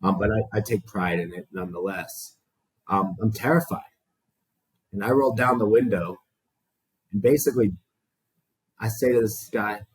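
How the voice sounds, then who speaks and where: A man's voice: lowish voice, unhurried, long pauses, husky, no room sound, poor audio. A man telling his recovery story to a small group, raw and profane, acting out the dialogue he quotes.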